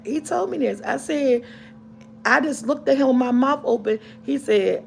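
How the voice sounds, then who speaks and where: Gravelly-voiced woman vlogger, heartfelt and rambling. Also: sits high, normal speed, slight background noise. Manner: rambling and heartfelt, restarts and repeats. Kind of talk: casual storytelling chat to camera.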